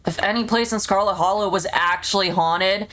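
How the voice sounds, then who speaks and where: A woman's voice: mid-range voice, moderate pace, fairly bright tone. A woman playing a visual novel with a friend, reading her character's lines and teasing her partner. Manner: teasing, playful. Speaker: co-player. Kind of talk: casual playthrough, voicing lines.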